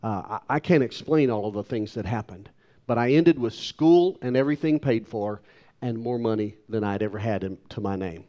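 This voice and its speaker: A man's voice: fairly low pitch, moderate pace, dark tone, highs cut off. A male pastor giving a sermon, talking emphatically and putting rhetorical questions to the congregation.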